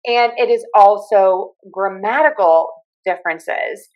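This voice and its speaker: Female podcast host with a light Pittsburgh accent, measured and clear, teaching as she talks. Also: medium pitch, darkish tone, low-quality recording. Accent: Pittsburgh, softened by years in other US regions. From Western Pennsylvania. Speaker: podcast host and communication coach. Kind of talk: solo podcast talk.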